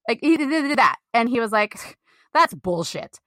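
A middle-aged woman from the Midwest, an actor telling candid stories in an interview, animated and emphatic, swearing freely. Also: fairly high pitch, moderate pace, dry recording, studio quality. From American Midwest.

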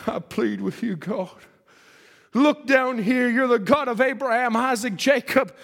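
A male preacher delivering a fervent sermon, telling a story and shouting exhortations, heard with a long church reverb. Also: very high voice, takes it slowly, gravelly, pauses often.

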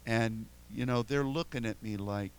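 Before preaching, an older American pastor wanders through self-mocking anecdotes, often starting over. His mid-range voice has a clean tone and moves at normal speed, but the audio is poor.

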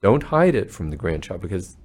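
A man with a fairly low voice talks as a guest in an interview. He is an earnest physician who slips into patients' voices while telling stories. His tone is steady and conversational. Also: fairly quick, breathy edge. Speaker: palliative care physician, podcast guest.

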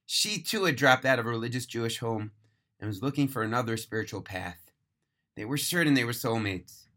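A man narrating a moving story aloud, earnest and emphatic, slowing down on key phrases. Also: medium pitch, expressive, sharp tone. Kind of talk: dramatic storytelling read-aloud.

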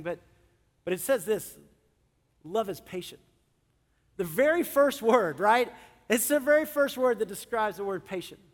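A middle-aged man preaches in a church, his voice sitting high for a man. He talks conversationally, acts out little inner dialogues and often chuckles. Long reverb from the hall trails after each phrase. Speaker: pastor. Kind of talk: sermon.

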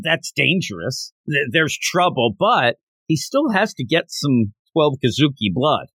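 A man co-hosting a casual manga discussion podcast, retelling scenes in an animated way and acting out the characters' lines. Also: mid-range voice, no room sound. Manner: animated retelling with acted-out quotes. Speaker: podcast co-host.

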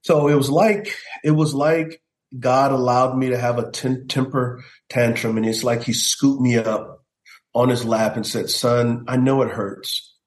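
A man's voice: medium pitch, steady tone, measured pace, echoey room. A middle-aged man, a pastor and guest, telling a personal testimony in an earnest storytelling way and acting out the voices he quotes. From United States.

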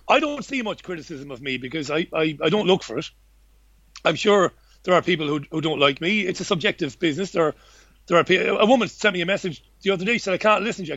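Man, interview guest, blunt and rambling, a bit high-pitched, dull dry lo-fi sound. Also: a bit bright, dry recording. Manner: rambling, blunt, with frequent restarts and swearing. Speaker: journalist and podcaster, interview guest. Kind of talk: casual conversational interview.

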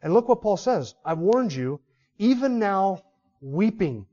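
A man preaching an expository sermon as pastor, passionate and emphatic, swinging between loud stresses and hushed asides. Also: sits high, very animated, measured pace, highs cut off.

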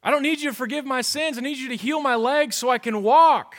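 Preacher putting on a high, loud, pleading paralyzed man, fed up. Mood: exasperated. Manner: exasperated, pleading, drawn-out complaints.

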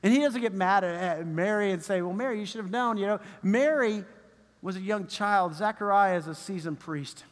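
A man preaching a sermon as pastor, animated and acting out the people he quotes. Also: high voice, normal speed, big-room sound. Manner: animated, acts out quoted voices, chuckles.

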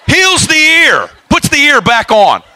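A man preaching a sermon, telling stories in a folksy way with lively asides. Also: very high voice, unhurried, rough recording.

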